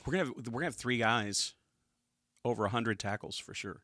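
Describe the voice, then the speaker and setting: A middle-aged man co-hosts a casual football stat show as coach, rambling and restarting his sentences with upbeat energy. His voice is bright and forceful. The sound is dry and close, with no room echo. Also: mid-range voice, a little fast. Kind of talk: casual sports chat.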